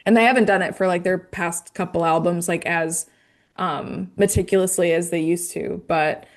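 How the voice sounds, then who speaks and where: A woman's voice: fairly low pitch, steady tone, moderate pace. A woman co-hosting a casual podcast, rambling with lots of fillers and laughing easily. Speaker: podcast co-host. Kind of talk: casual chat.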